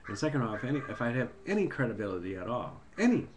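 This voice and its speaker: A man's voice: medium pitch, lively intonation, racing, slight background noise. A man ranting in a casual, rambling and heated way into a webcam, repeating himself as he goes. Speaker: video blogger. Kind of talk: casual political rant.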